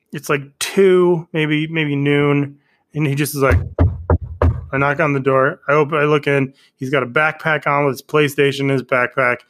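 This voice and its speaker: A man guesting on a comedy podcast, rambling through a story with restarts and quick impressions. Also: fairly high pitch, fairly bright tone. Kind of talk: casual comedy podcast chat.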